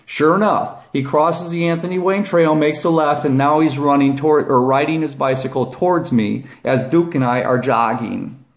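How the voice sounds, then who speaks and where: A middle-aged man, a former police officer, telling a long rambling story to camera, repeating "okay?" and "I said" and raising his voice when he acts out his own past shouts. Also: a little high, moderate pace, hardly any pauses. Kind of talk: casual monologue to camera.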